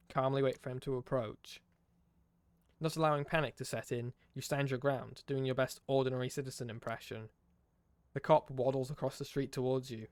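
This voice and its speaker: A man streaming, reading a game's story aloud with expressive narration and wry asides. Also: mid-range voice, dry recording.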